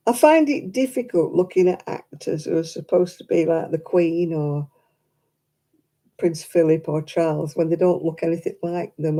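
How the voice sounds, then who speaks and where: A woman's voice: lowish voice, gravelly, warm tone. A woman chatting casually to her live stream audience, rambling and self-deprecating.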